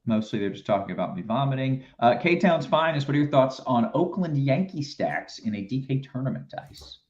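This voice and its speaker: A man's voice: mid-range voice, expressive, darkish tone. Man hosting a live stream, lo-fi. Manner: reads viewer questions aloud quickly. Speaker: host. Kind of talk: casual live stream chat. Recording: dull lo-fi stream audio.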